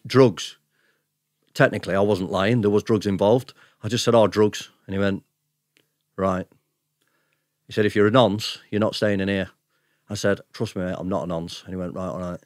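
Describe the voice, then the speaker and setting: A man's voice: low voice, no echo, studio quality. A man telling his story as a podcast guest, blunt and sweary, chuckling between anecdotes. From United Kingdom. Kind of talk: casual storytelling.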